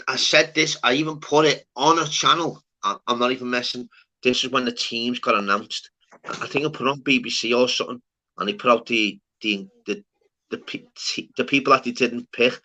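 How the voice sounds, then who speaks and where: A man's voice: medium pitch, bright, forceful tone. A young adult man with a Scouse accent, hosting a casual, swear-heavy chat full of banter.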